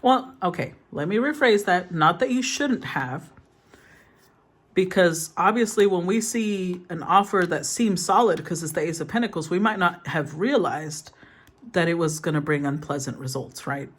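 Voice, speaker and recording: A woman's voice: on the low side, expressive, normal speed, slightly rough. A woman giving a casual tarot reading, soothing in tone, thinking aloud and rephrasing as she goes. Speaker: tarot reader.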